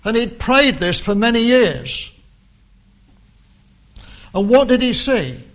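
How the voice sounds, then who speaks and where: A man delivers a sermon at a measured, unhurried pace. His voice sits high for a man, and he leans into quoted verses with rising emphasis. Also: very animated, fairly bright tone. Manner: slow and deliberate, quoting scripture with rising emphasis. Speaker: preacher.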